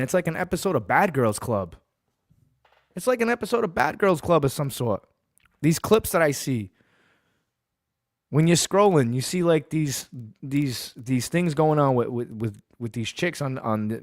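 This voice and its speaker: A man from Massachusetts hosts a sports podcast, his mid-range voice captured in clean studio sound with no echo. He rants bluntly and profanely, hammering his points home through repetition.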